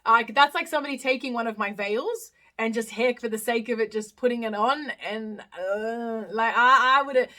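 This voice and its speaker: A woman's voice: a little high, normal speed, few pauses, sharp tone. A young woman from Australia hosting a casual live stream, chatting through viewer comments with lots of fillers and restarts. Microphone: phone live stream.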